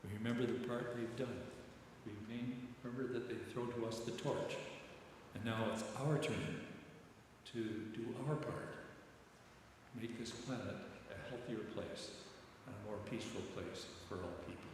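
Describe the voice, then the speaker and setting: An older man, a retired chaplain giving an informal sermon reflection, telling stories in a rambling, halting way with many repeated words. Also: lowish voice, steady tone. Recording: very echoey church hall, long reverb, faint background noise.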